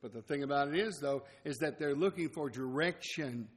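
Folksy sixty-something preacher in a reverberant hall. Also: male voice, a little high, fairly quick. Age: 60s. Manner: folksy, chuckling asides. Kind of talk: conversational sermon. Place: church assembly hall.

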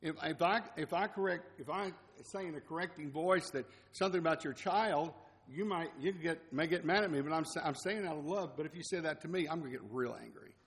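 Folksy sixty-something preacher in a reverberant hall. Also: male voice, fairly high pitch, a little fast, few pauses, a bit bright. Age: 60s. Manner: folksy, chuckling asides. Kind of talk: conversational sermon. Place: church assembly hall.

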